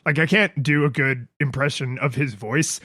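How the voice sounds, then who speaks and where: A man's voice: medium pitch, normal speed, bright, forceful tone, no room sound, studio quality. A man co-hosting a casual podcast chat who rambles, makes fun of himself and acts out quotes in a raised voice. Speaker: podcast co-host.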